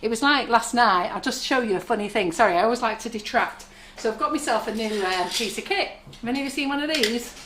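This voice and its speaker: A woman's voice: a little high, fast, noisy background. Chatty woman demoing baking supplies. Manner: chatty, rambling, storytelling. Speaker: baking shop owner presenting products. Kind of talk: live stream product demo chat. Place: shop kitchen.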